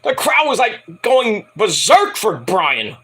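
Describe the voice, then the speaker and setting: A man rattles through a wrestling show review in a casual, rambling way, swearing freely and breaking into mocking asides. His voice sits high and swings widely in pitch. The tone is bright and sharp. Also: slow pace, husky. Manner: excitable, profane, rambling, mocking impressions. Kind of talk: casual recap vlog.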